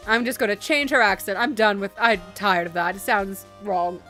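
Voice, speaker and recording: A woman's voice: medium pitch, normal speed, hardly any pauses, pushed and bright, faint music behind. A woman streamer chatting casually and bluntly while playing a game, swearing freely.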